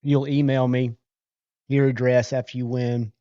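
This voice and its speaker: Slow, chatty livestream host man. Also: medium pitch, level tone, warm tone, no echo, muffled recording. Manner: chatty, thanks viewers by name. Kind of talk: casual livestream chat.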